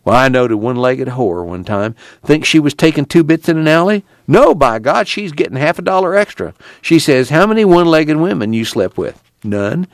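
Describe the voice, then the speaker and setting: A man's voice: a little high, lively intonation, moderate pace, hardly any pauses, dry recording, voice pushed up. A man voicing a blunt, impatient tough man who scolds crudely and gives orders.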